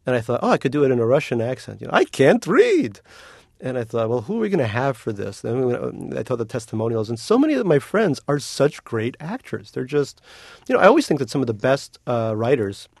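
A man being interviewed as a novelist, talking in an animated, joking way and laughing often. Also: mid-range voice, quick pace, vocal fry, no echo, clean studio sound. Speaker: novelist guest. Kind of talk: casual interview chat.

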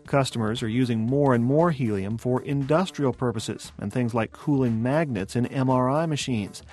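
A man filing a scripted radio news report in an even, steady delivery. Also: medium pitch, normal speed, faint music behind.

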